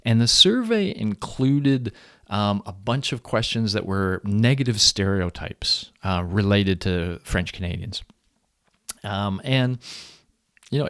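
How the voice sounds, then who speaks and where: A man lecturing in a relaxed, conversational way, his voice sitting on the low side. The sound is close and dry, with no room around it. He stumbles and restarts as he explains. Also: no room sound. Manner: conversational, acts out quoted people animatedly. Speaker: university lecturer. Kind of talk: recorded lecture.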